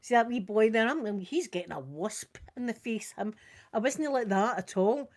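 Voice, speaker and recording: A woman's voice: on the high side, normal speed. An older woman with a Scottish accent, chatting casually on a live makeup vlog and acting out her stories. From Scotland. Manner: animated storyteller, acts out screams and quotes. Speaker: makeup vlogger. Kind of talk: casual storytelling during a live makeup stream.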